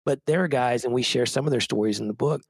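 Husky guy, pastor type, earnest and a bit self-deprecating, keeps restarting sentences, dry close mic. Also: mid-range voice, quick pace, no echo. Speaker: pastor and book co-author. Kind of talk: casual podcast conversation.

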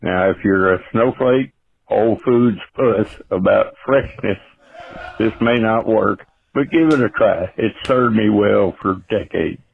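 A man's voice: fairly low pitch, measured pace, creaky, slight background noise. An older man with a Texan accent leaving a blunt, folksy call-in voicemail. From Texas. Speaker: caller. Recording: phone line.

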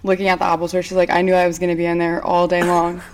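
A woman's voice: on the low side, monotone, racing, heavy background noise. A woman in her twenties co-hosting a podcast in casual chat, dry and blunt. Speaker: podcast co-host.

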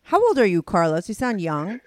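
A woman's voice: mid-range voice, wildly swooping pitch, normal speed, darkish tone, no room sound. A woman hosting a podcast, chatting casually and laughing easily. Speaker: podcast host. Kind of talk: casual chat.

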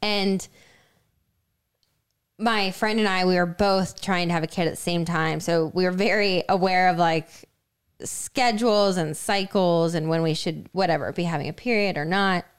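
A woman's voice: fairly low pitch, fairly even intonation, normal speed, smooth. A young woman co-hosting a podcast, telling a personal story in casual chat with lots of fillers. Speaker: podcast co-host.

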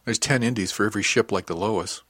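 A man's voice: lowish voice, quick pace, a bit bright, dry recording. A man reading the part of a cheerful middle-aged woman spacer who teases easily and sounds motherly. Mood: wry. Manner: teasing, easygoing.

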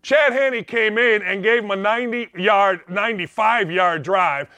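A man hosting a sports radio show, ranting loudly and mockingly about players. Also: high-pitched, a little slow, no echo. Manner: loud, mocking, does whiny voices of players. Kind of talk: opinionated sports rant.

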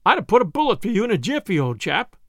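A man voicing a dry-witted young farm boy, speaking briskly. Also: sits high, very animated, fairly bright tone, dry recording, full character voice.

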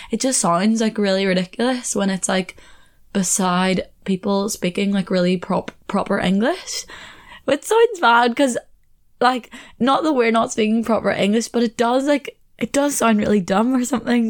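A woman's voice: fairly high pitch, normal speed. A Northern Irish woman hosting a podcast alone, chatting casually and rambling with lots of "like" fillers. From Northern Ireland. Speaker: podcast host. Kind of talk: casual solo podcast chat.

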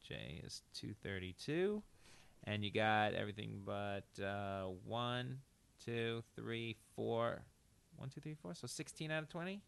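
A man's voice: lowish voice, expressive, measured pace, gravelly, a bit bright, smooth. A man hosting a casual quiz, reading slogans and teasing the contestants. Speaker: quiz host.

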